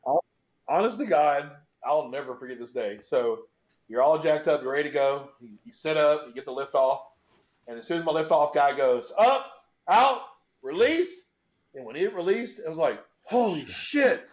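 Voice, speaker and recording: This interview-show guest, a middle-aged bench press record holder, speaks briskly in a slightly high voice. His storytelling is loose and full of swearing, and he acts out the scenes with real animation. There's a roomy echo on the audio.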